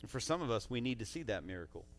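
A man preaching a sermon as pastor, swinging between loud urging and quiet asides in a church sanctuary on a stage mic. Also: medium pitch, big pitch swings, rapid-fire.

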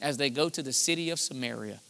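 A man preaching a sermon into a handheld microphone, lively, swinging from near-shouts to hushed tones. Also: mid-range voice, fast, gravelly. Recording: live in a reverberant hall.

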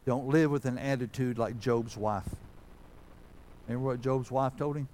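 A man's voice: medium pitch, steady tone, moderate pace, long pauses, darkish tone. A man, a pastor giving a folksy, conversational sermon that builds to fervent preaching.

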